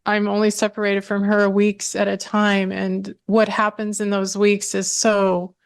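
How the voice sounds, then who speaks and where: A woman's voice: medium pitch, completely flat delivery, unhurried, clear, resonant tone. A middle-aged woman hosting a podcast, asking probing, sympathetic questions. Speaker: podcast host. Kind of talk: interview.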